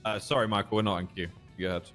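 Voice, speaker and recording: A man in a roleplay chat as a police officer, quick and crude in his banter. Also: on the low side, steady tone, a bit bright, soft background music.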